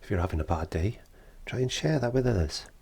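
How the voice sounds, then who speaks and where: A man teaching a painting lesson, gentle and encouraging, sometimes dropping into whispered asides, indoors in a studio. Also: fairly low pitch, animated, quick pace, gravelly, husky. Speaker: art teacher. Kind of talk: painting tutorial.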